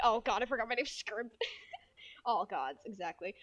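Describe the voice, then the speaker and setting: A woman's voice: a little high, moderate pace, fairly bright tone, no echo. A young woman in her twenties streaming a game, giggly, self-mocking and prone to swearing.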